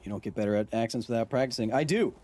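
A man's voice: medium pitch, very fast, a little mellow. A man hosting a live game stream, rambling and joking with his chat as he plays. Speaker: streamer and science host.

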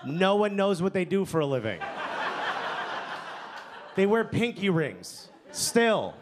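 A young man with a New York accent doing a stand-up set, playful, dropping his voice low and soft for punchlines. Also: very animated, slow. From New York area. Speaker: stand-up comedian. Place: comedy club stage with laughing audience. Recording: live club recording with crowd noise.

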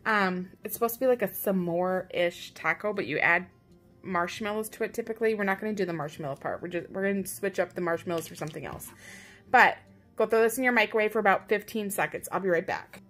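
A woman's voice: medium pitch, fairly quick, fairly bright tone, soft background music. A woman hosting her own vlog, chatting casually and upbeat with a self-teasing streak as she walks through a how-to in her home kitchen. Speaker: parent and vlog host.

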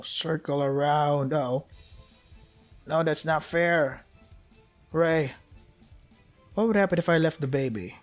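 Excitable joking man playing a game. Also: fairly high pitch, takes it slowly, long pauses, soft background music. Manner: joking, excitable, talks to the game characters, laughs often. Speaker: gameplay commentator. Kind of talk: let's play commentary.

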